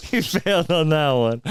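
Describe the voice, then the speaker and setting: A man's voice: fairly high pitch, no echo. A man in his twenties, a stand-up comic hosting a podcast, chatting casually and laughing often. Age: 20s. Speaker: podcast host and stand-up comedian. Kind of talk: casual interview chat.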